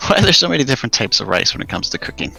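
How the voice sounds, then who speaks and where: A deep-voiced young man in his late teens, streaming and chatting casually while drawing, animated and jumping to a high squeak when excited. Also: racing, gravelly, breathy edge. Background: chill music.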